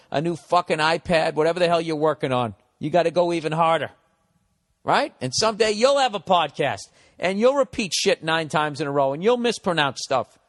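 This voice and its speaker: A man in his forties with a Boston accent rambles through podcast advice as a comedian host. He is profane and blunt, mock-harsh one moment and encouraging the next. His voice sits fairly high and carries a long reverb tail. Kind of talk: rambling comic advice monologue.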